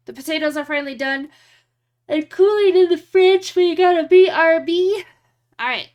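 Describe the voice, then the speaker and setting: A woman's voice: very high-pitched, muffled recording. A young woman streaming live, chatting casually and joking at her own expense. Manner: joking, self-deprecating, quick laughs.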